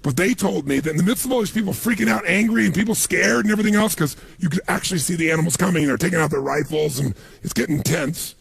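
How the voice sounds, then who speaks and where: A man speaking as a motivational speaker at a live seminar, his voice gravelly and husky and pitched high for a man. He tells stories with animated energy and mimics the people in them. The sound is close and dry. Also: fast, few pauses, dry recording. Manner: animated storytelling, acting out other people's lines.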